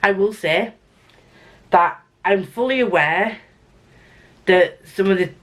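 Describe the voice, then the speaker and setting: A woman's voice: mid-range voice, slow, slight background noise. A young woman with a Yorkshire accent, chatting casually to camera as a book vlogger, rambling with restarts. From Yorkshire, England.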